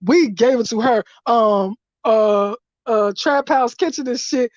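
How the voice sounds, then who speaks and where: A woman with a high voice tells a story as a casual, animated and profane vlog rant. Her voice is recorded dry, with a dull lo-fi sound. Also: unhurried, dry recording. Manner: animated, profane, laughing through retelling. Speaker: vlogger.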